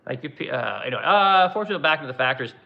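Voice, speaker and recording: A man's voice: on the high side, expressive, fast talker, vocal fry, highs cut off. A man running a livestream as a furniture manufacturer, reading chat comments and ranting bluntly with plenty of profanity.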